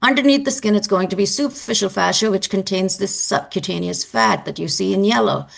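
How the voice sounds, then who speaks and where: A woman's voice: medium pitch, a little fast, creaky. A woman teaching an anatomy lecture to students, explaining step by step and repeating key points for emphasis.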